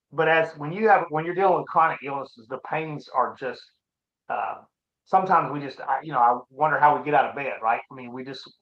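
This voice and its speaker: A middle-aged man as an interview guest, telling his personal story in a halting, reflective, earnest way. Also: a little high. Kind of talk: casual conversation, personal story. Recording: roomy, dull lo-fi sound.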